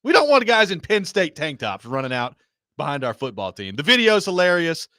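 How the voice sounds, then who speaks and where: A man hosting a sports talk show, telling a story in a casual, animated way with laughing asides. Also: on the high side, fairly quick, no echo, studio quality. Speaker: sports radio host.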